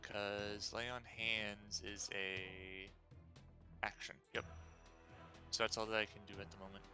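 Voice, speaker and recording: A man taking his turn as a player in an online tabletop game, easygoing and halting with fillers. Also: lowish voice, little pitch movement, sharp tone, soft background music. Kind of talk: casual tabletop game chat.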